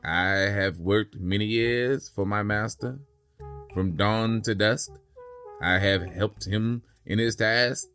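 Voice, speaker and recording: A man's voice: lowish voice, slow pace, a bit bright, soft background music. A man voicing a weary old donkey in a folktale, speaking in a resigned, tired way. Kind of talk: storytelling podcast.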